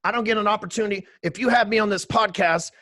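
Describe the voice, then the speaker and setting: A man, talking emphatically and with high energy as a podcast guest, swearing casually. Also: fairly even intonation, fast talker, a bit bright. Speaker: podcast guest, sales trainer. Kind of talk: energetic interview talk.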